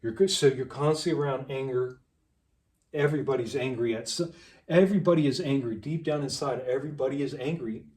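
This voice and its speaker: A man in the middle of a passionate, preachy rant, hammering on rhetorical questions and long lists of repeated phrases. His voice sits at an ordinary pitch and sounds set back from the microphone. It bounces around a reverberant room. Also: a little fast, a little mellow. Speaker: vlogger. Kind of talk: impassioned monologue to camera. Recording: echoey room, mic at a distance.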